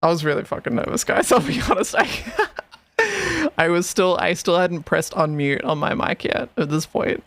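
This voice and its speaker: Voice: medium pitch, expressive, moderate pace, fairly bright tone. A streamer in casual chat, swearing often and laughing between sentences while rewatching an old stream.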